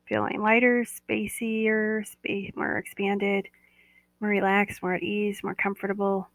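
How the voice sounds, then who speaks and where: Gravelly woman guiding a meditation. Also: mid-range voice, level tone, a little slow, dry recording, rough recording. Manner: soothing, coaxing, repeats cues like "that's right". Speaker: guided meditation teacher. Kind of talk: guided body-awareness meditation.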